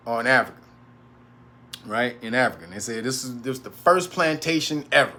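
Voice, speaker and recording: A man's voice: medium pitch, pushed and bright. A man hosting a casual livestream monologue, rambling and profane, laughing often between remarks. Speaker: host.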